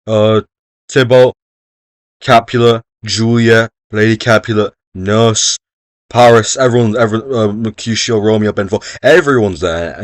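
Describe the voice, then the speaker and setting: A man's voice: on the low side, no echo. Rambling, swearing young man. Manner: rambling, profane, jokey. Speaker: revision video host. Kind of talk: casual exam revision talk.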